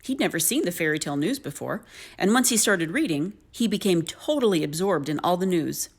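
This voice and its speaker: Animated lower-voiced woman reading a storybook. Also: brisk, breathy edge. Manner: animated, lilting. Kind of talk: expressive read-aloud storybook narration.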